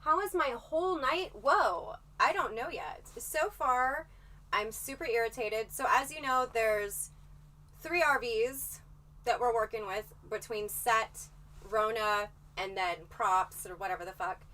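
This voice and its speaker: A woman with a high, bright, cutting voice chats loosely on a livestream, swearing freely and rambling from one story to the next. She sits a little back from the mic, so her voice sounds set at a distance. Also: measured pace. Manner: profane, rambling, animated storytelling. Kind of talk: casual livestream chat.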